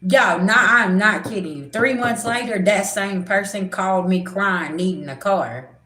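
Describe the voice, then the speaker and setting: A woman's voice: mid-range voice, a little slow, pushed and bright, echoey room. A middle-aged woman, a spiritual reader, talking bluntly and animatedly in a casual livestream chat, swearing freely.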